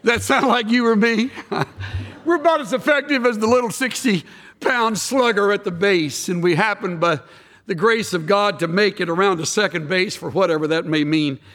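A man's voice: sits high, normal speed, a bit bright, long reverb tail. A man pastor preaching a sermon, emphatic and full of rhetorical questions and wry asides.

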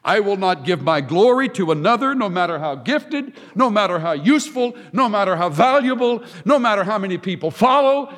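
Male preacher, higher voice, swooping lively delivery, deliberate pauses; long hall reverb. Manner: emphatic, dramatic pauses and repetition. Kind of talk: sermon.

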